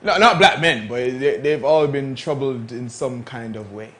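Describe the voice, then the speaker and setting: A man's voice: mid-range voice, a bit bright. A man co-hosting a morning entertainment show, chatting casually and laughing often. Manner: playful, laughing often, drawn-out emphasis.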